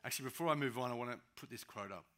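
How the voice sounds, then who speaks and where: Animated pastor preaching with a bright voice. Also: male voice, mid-range voice, rapid-fire. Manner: animated preaching with sudden loud rises and quiet drops. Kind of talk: sermon.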